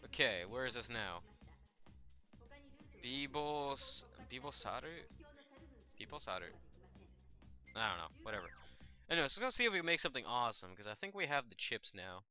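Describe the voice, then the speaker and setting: An excitable man hosting a live let's play, with a very bright, sharp voice that swings up and down in pitch. He yells attack names in sudden bursts, then drops into quick muttered asides. Faint game music plays behind him. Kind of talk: live gameplay commentary.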